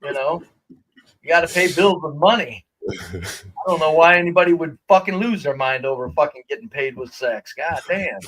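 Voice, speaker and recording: A man's voice: fairly high pitch, lively intonation, normal speed, a bit bright, rough recording. A man chatting on a livestream as a regular guest, rambling with many restarts and a lot of swearing. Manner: rambling, profane, lots of restarts. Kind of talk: casual livestream chat.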